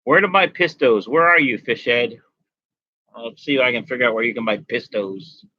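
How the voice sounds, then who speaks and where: Nursing a migraine, this man runs a laid-back fish-keeping live stream, chatting with viewers, reading their comments and calling them by name. His voice is medium-pitched at a moderate pace, captured in lo-fi sound without echo.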